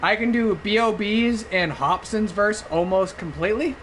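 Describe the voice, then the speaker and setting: Young man, drunk, rambling, high voice, faint background noise. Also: normal speed. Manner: rambling, loud, bursts into singing. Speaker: gaming streamer. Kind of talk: casual gameplay chat.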